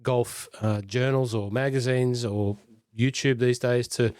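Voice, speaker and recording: A man's voice: medium pitch, fairly even intonation, unhurried, a little mellow, no room sound, clean studio sound. A middle-aged Australian man co-hosting a podcast in casual chat, rambling and self-deprecating. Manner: rambling, self-deprecating, many fillers and restarts. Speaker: podcast co-host.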